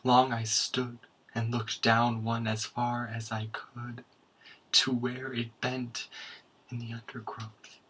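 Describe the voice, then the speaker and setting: A man giving a slow, hushed poetry recitation, dropping into whispers at times. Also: medium pitch, monotone, husky, poor audio. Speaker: student presenter.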